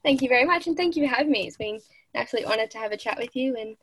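A woman's voice: fairly high pitch, lively intonation, racing, a bit bright, slightly rough, no room sound. A nineteen-year-old Australian woman, a podcast guest, chatting earnestly and upbeat in an interview. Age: late teens. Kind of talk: casual interview chat.

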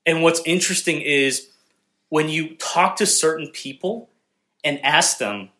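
A young man gives a sermon in a loose, joking style and keeps turning to the congregation. His voice sits a little high for a man. He sounds relaxed and conversational rather than formal. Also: measured pace. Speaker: pastor.

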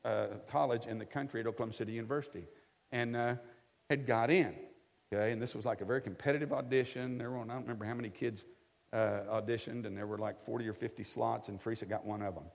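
A man's voice: mid-range voice, fairly even intonation, fast, vocal fry. A middle-aged man preaching a conversational sermon with folksy jokes, often checking in with his listeners by asking "right?". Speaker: pastor. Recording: echoey hall, slightly dull sound.

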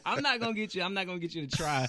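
A man's voice: sits high, lively intonation, rapid-fire, sharp tone, dry recording, studio quality. A male radio talk show host opening his show and interviewing a guest with enthusiasm, repeating words for emphasis and laughing often.

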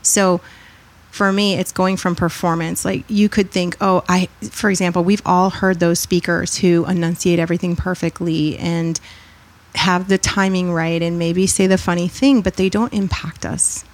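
A woman speaks as a guest on a podcast, in a relaxed, conversational and reflective way. Her voice sits a little low, and she brightens up when she tells a story. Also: normal speed. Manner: reflective, animated when telling stories, acts out quoted voices.

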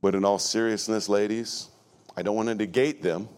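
A man's voice: fairly low pitch, steady tone, normal speed, a little mellow, smooth. A male pastor preaching a sermon in a church before a congregation, blunt and emphatic with joking asides.

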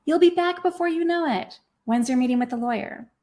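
A woman's voice: high-pitched, fairly quick, warm tone, pitched above the performer's own voice, natural voice. A woman reading aloud, voicing an upbeat, pushy young woman friend who talks cheerfully and coaxingly. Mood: teasing.

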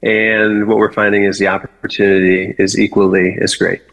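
A man's voice: on the low side, level tone, normal speed, creaky, fairly bright tone, big-room sound. A man who founded a ministry, answering interview questions earnestly and often correcting himself mid-sentence. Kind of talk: podcast interview.

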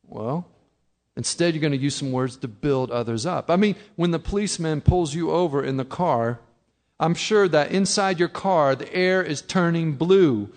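A man's voice: on the high side, moderate pace. A middle-aged man preaching a sermon in a conversational way, acting out his listeners' objections. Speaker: pastor.

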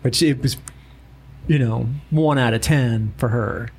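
A man's voice: mid-range voice, a little slow, slightly rough. A man, co-hosting a casual podcast chat and acting out the voices of people in his stories. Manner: animated storyteller, acts out quoted voices. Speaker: co-host.

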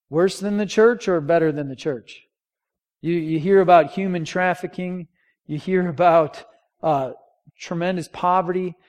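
A man's voice: on the high side, darkish tone. A man preaching a sermon, conversational, asking the congregation rhetorical questions and drawing call-and-response. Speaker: pastor.

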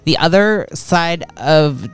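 A woman's voice: low-pitched, lively intonation, takes it slowly, smooth, soft background music. A woman co-hosting a casual radio chat show, easygoing and a little hesitant. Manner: easygoing, hesitant, with fillers and giggles. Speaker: co-host.

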